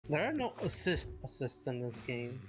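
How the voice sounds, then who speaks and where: A man in casual gaming chat with a co-player, relaxed and chatty, swearing now and then. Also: medium pitch, normal speed.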